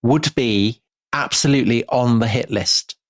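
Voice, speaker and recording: A man's voice: medium pitch, unhurried, no echo. Man asking wry questions, dry sound. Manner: asks short wry questions. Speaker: podcast co-host. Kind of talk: casual chat.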